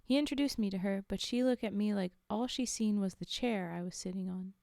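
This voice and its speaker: Woman, story reader, casual asides to chat, warm mellow voice, dry room. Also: mid-range voice, fairly quick, vocal fry, no room sound. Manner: chatty, laughing asides to chat between passages. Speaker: streamer reading stories aloud.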